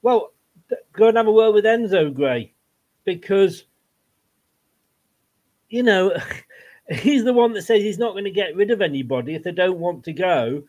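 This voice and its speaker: Male podcast co-host, high voice, blunt and sweary, muffled recording. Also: lively intonation, moderate pace, pauses often, a little mellow. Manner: blunt, swears, rambling with fillers. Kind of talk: casual football chat. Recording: dull lo-fi sound.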